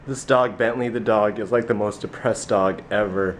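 A man's voice: lowish voice, steady tone, normal speed, hardly any pauses. A young man vlogging casually, joking and talking to his dog in a playful baby-talk voice. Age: young adult. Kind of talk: casual vlog chat.

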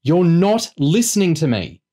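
A man voicing an exasperated woman intelligence officer who shouts her warnings insistently, in an audiobook reading. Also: mid-range voice, expressive, moderate pace, pitched above the performer's own voice, lightly acted. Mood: exasperated shouting.

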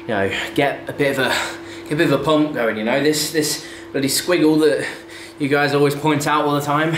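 A man's voice: a little high, steady tone, fairly quick. A young man, a fitness vlogger, chatting casually and rambling between sets in his home garage gym, often correcting himself. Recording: echoey garage with loud background noise.

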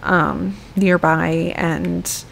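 A woman's voice: lowish voice, fairly even intonation, drawn-out words, gravelly, a little hiss or hum. A young American woman giving casual, rambling gameplay commentary and swearing freely as she plays. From United States. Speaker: gaming YouTuber.

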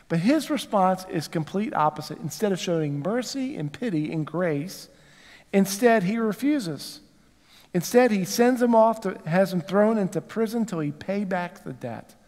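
A man's voice: sits high, a little mellow, long reverb tail. A male pastor with a Southern American accent, preaching a conversational sermon and putting rhetorical questions to the congregation. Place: church sanctuary.

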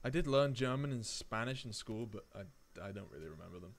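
A man's voice: fairly low pitch, expressive, fast talker. A man casually commentating his own game play on a live stream, chatting with viewers and calling them mate. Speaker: gaming streamer.

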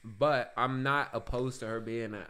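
Bright-voiced man telling a story. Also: medium pitch, steady tone, moderate pace. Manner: laughing storyteller, swears freely, acts out dialogue. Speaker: podcast co-host. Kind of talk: casual chat.

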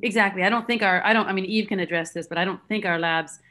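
A biology instructor speaking frankly in a staff meeting over a video call. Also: female voice, medium pitch, fast talker, sharp tone. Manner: frank, conversational. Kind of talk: online staff meeting discussion.

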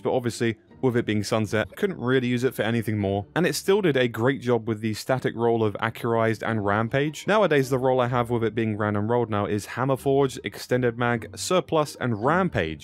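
A young man giving cheeky, self-mocking gameplay commentary as a gaming video host. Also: mid-range voice. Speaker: gaming YouTuber.

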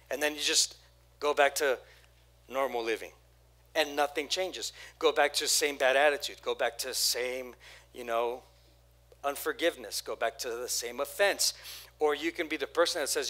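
A middle-aged man preaching a sermon as pastor, animated, acting out what churchgoers say. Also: medium pitch, moderate pace. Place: church sanctuary.

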